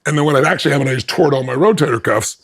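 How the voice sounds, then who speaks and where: A man being interviewed races through a story from his own experience, full of animation. He performs each quoted exchange with sweeping pitch changes, and his voice is slightly rough.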